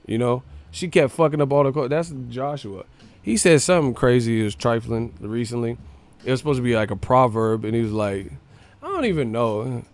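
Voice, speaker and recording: A man hosting a live stream, giving casual boxing commentary in a profane, animated, mocking rant. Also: medium pitch, a little fast. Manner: profane, animated, mocking ranting with frequent laughs.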